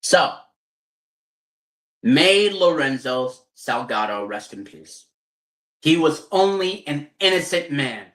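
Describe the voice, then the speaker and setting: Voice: mid-range voice, sharp tone. A streamer in a heated, profane political rant who keeps asking rhetorical questions. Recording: roomy echo.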